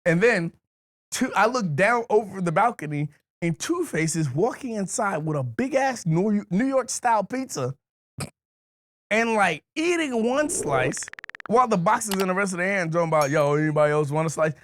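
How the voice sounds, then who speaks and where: A man co-hosting a podcast, telling a story in casual chat, animated, laughing often and swearing a lot. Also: high voice, normal speed, dry recording, clean studio sound. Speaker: podcast co-host.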